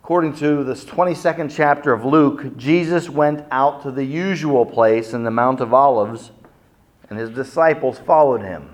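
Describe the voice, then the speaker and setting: A middle-aged man preaching a sermon, telling stories dramatically and acting out the quotes with big swings in loudness. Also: medium pitch, moderate pace. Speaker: pastor.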